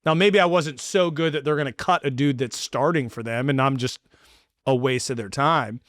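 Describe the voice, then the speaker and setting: A man hosting a podcast, telling a story in a casual chat and acting out the quotes with lively energy. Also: mid-range voice, moderate pace, no room sound. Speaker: podcast host.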